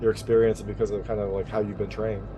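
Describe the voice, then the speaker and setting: Male interview host, quick and eager, casual fillers. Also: on the low side, little pitch movement, muffled recording. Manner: enthusiastic, with frequent "like" fillers and repeated words.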